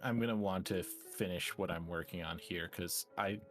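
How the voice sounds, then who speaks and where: A man streaming a game and chatting casually, run down and talking in a relaxed, rambling way. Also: deep voice, moderate pace, soft background music. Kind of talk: casual chat.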